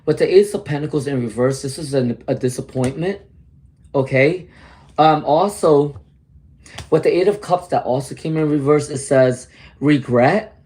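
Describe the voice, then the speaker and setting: A man's voice: on the high side, moderate pace, a little mellow. A man with a New York accent giving an upbeat, encouraging live tarot reading and answering viewers' questions. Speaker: tarot reader.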